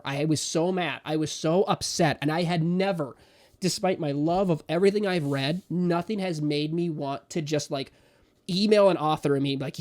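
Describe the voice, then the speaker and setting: A young man co-hosting a casual podcast, talking in an animated, emphatic way with big swings in loudness. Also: fairly high pitch. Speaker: podcast co-host. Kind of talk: casual chat.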